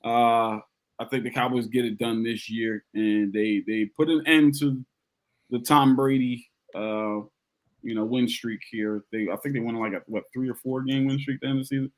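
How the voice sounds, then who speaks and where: A man co-hosting a casual sports podcast, animated and repeating his points for emphasis. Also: medium pitch, normal speed. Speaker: podcast co-host.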